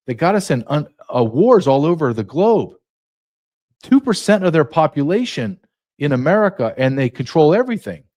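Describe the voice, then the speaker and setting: A man's voice: mid-range voice, darkish tone. A male podcast host delivering a sarcastic solo monologue, full of mocking asides.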